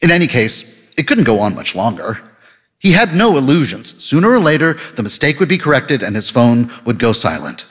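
A man reading an audiobook novel aloud in scripted narration, with a lively, dry delivery. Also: medium pitch, moderate pace, breathy edge, big-room sound.

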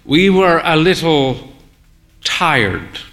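A man's voice: fairly high pitch, sing-song, drawn-out words, a bit bright, exaggerated voice. A man reading a story, voicing a thin, fey, jokey man in late middle age with a droll drawl.

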